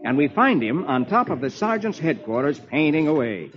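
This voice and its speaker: A man hosting a vintage children's radio show, reading the funny papers aloud with a playful, sing-song lilt. His voice sits a little high and swings up and down with lively energy. The broadcast sounds muffled, with faint music underneath. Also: normal speed, slight background noise. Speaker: radio host reading the comics.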